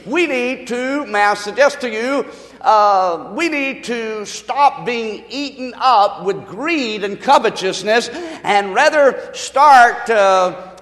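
A man's voice: sits high, fairly bright tone, big-room sound. A man preaching a sermon as pastor, telling a folksy story with emphatic delivery.

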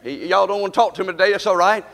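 Preacher guy, high voice, sermon in a church, long echo from the hall, live stream sound. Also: rapid-fire, a bit bright. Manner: preaching with calls to the congregation, rising and falling delivery. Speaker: pastor. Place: church sanctuary.

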